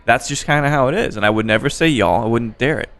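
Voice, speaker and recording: A man hosting a podcast interview, relaxed and joking, swearing casually. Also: mid-range voice, fast. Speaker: podcast host. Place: bar by a window.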